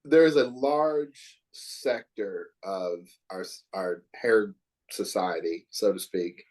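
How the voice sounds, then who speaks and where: A man's voice: low voice, slow pace, a little mellow. A middle-aged man from Oklahoma, a hair educator talking as a podcast guest in an earnest, reflective, emphatic way. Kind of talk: podcast interview chat.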